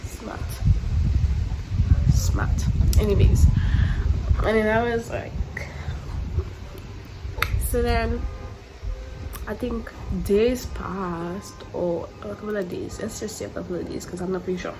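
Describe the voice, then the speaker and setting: A woman's voice: medium pitch, flat delivery, unhurried, pauses often. A young woman vlogger telling a story in casual chat, blunt and profane with lots of slang fillers. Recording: noisy home recording.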